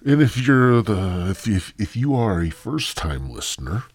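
A man's voice: on the low side, sing-song, a little slow, no echo. A man hosting a podcast in a rambling, crude, goofy monologue full of swearing. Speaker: podcast host.

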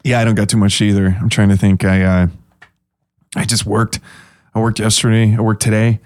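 A man's voice: fairly low pitch, level tone, a little fast, darkish tone, dry recording. A man co-hosting a casual podcast, joking around and swearing freely. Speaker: podcast co-host. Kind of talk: casual chat.

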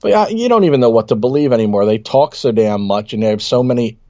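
A man co-hosting a casual podcast, telling jokey stories and quoting people in animated voices. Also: mid-range voice, quick pace, dry recording, lo-fi sound. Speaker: podcast co-host. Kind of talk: casual chat.

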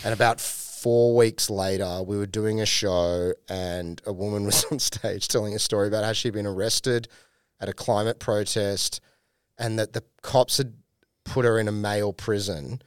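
An Australian podcast guest recounts a comedy-scene tale in relaxed, animated fashion, cursing liberally and performing the quotes himself. He has a fairly low, clean-toned voice at normal speed, recorded dry in studio quality.

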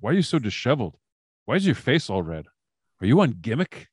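A man imitates a deadpan male wrestler-producer firing off mock-concerned questions. It is a teasing voice a little above his own. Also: mid-range voice, fairly quick, slightly rough, dry recording, clean studio sound, voice pushed up.

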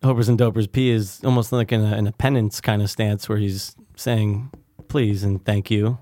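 A man's voice: fairly low pitch, steady tone, normal speed, mellow, no room sound. A man co-hosting a podcast in casual chat, laid-back and teasing as he gives hints. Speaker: podcast co-host.

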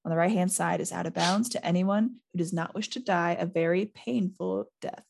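A woman's voice: lowish voice, normal speed, creaky, darkish tone, slight background noise. A woman reading the lines of an elderly male wizard headmaster in a formal, announcing manner. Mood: solemn.

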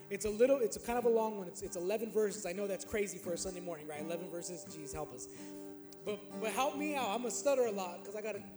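A young man with a very high voice preaches a casual, talky sermon, repeating his key phrases and pressing them harder as he goes. His voice rings around a big echoey room with guitar music playing behind him. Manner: conversational, repeats phrases, rises into emphatic preaching. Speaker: pastor. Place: church sanctuary.

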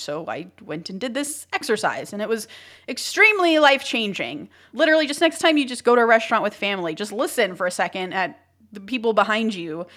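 A young woman co-hosts a relaxed podcast. She is chatty and laughs easily, and her speech rushes forward in quick bursts. Her voice sits at an everyday middle pitch. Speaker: podcast co-host. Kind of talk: casual podcast chat.

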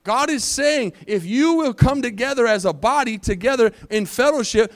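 A male pastor preaching a sermon to his congregation, energetic, asking the crowd questions and slowing down to read scripture. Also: very high-pitched. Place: church sanctuary.

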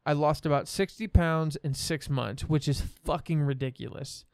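A man's voice: on the high side, normal speed, darkish tone, smooth, no echo, studio quality. A young man from the American Midwest, hosting a podcast and telling a story in a rambling, profane, self-assured way. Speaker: podcast host. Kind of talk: casual storytelling chat.

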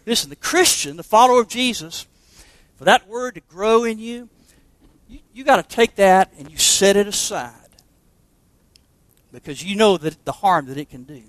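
A pastor preaching a sermon to confirmation students, emphatic and asking rhetorical questions. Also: male voice, high-pitched, lively intonation, normal speed, pauses often, fairly bright tone, no room sound.

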